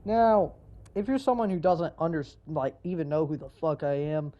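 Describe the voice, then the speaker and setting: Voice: medium pitch, animated, normal speed, dull audio. A young adult hosting a gaming video, ranting in a casual, profane, rambling way with lots of fillers and restarts.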